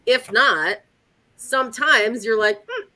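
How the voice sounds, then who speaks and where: A woman's voice: mid-range voice, normal speed. A woman dog trainer hosting a casual chat, telling stories animatedly and acting out her dog's thoughts. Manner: animated storyteller, acts out her dog's voice with giggles. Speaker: dog trainer and podcast host.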